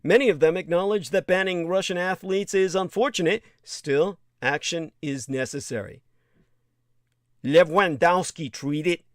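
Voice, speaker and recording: A man with a fairly high voice delivers an indignant livestream monologue. He reads aloud and cuts in with blunt, profane remarks. The sound is close and dry. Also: a little slow, dry recording. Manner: indignant, blunt, swears freely. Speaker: livestream host. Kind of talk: monologue reading and commenting.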